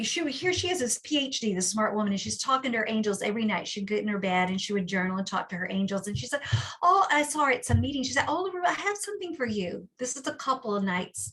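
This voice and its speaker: A woman's voice: medium pitch, fast. Chatty woman telling a personal story. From Texas. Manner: chatty, animated storyteller with frequent restarts. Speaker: guest. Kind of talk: storytelling interview.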